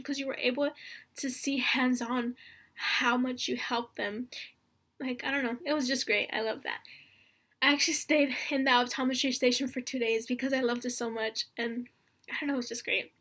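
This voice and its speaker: A woman's voice: on the high side, fairly even intonation, moderate pace, bright, forceful tone. A young woman telling a story in a casual vlog, rambling and earnest, full of "like" and "honestly" and near tears. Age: young adult. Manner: rambling, earnest, heavy use of fillers like "like" and "honestly"; emotional, close to tears. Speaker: vlogger.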